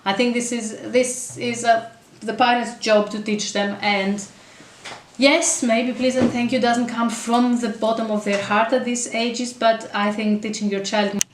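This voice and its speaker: A woman giving parenting advice straight to her camera, earnest and chatty, breaking off for quick asides. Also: a little high, level tone, noisy background. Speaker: parenting vlogger and mother. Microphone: camera mic. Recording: echoey room, voice a bit far from camera.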